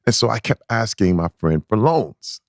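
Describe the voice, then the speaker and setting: A man guest on a podcast, telling a candid personal story in an animated, emphatic way, often restarting and repeating words as he goes. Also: moderate pace, no room sound, studio quality. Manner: animated, acts out his own past voice in a squeaky high pitch.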